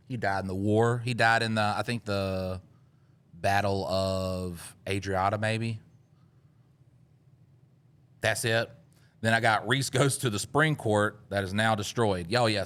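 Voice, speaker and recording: A man's voice: lowish voice, a bit bright. A man hosting a podcast, rambling in casual chat and laughing often. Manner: laid-back, rambling with frequent laughs. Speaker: podcast host.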